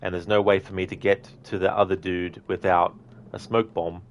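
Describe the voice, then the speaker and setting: A man's voice: sits low, level tone, normal speed, a little hiss or hum. An Australian man casually commentating his gameplay and chatting with viewers while thinking aloud. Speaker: game streamer.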